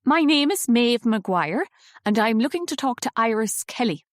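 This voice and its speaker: A woman's voice: on the high side, lively intonation, no room sound, clean studio sound, voice pushed up, natural voice. A woman doing an awkward, apologetic Irish aunt. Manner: halting, apologetic.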